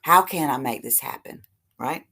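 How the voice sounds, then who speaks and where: A woman with a low voice gives an earnest motivational talk about recovery. She reads short passages aloud, then preaches on them, sometimes pushing hard and sometimes dropping to near-whispers. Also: normal speed, slightly rough. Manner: earnest, preachy, animated with sudden soft drops. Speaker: recovery speaker.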